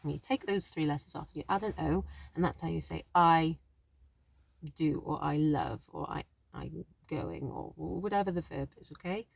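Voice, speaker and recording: A woman's voice: sits low, moderate pace, vocal fry, breathy edge, no room sound. Chatty woman explaining at a whiteboard. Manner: chatty, self-correcting, thinks aloud. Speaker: language teacher. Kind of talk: casual spoken lesson.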